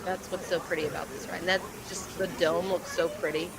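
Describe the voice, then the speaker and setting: A woman's voice: on the low side, fairly even intonation, brisk, over a noisy crowd, rough recording. A woman chatting enthusiastically in a casual group ride commentary, with lots of "like".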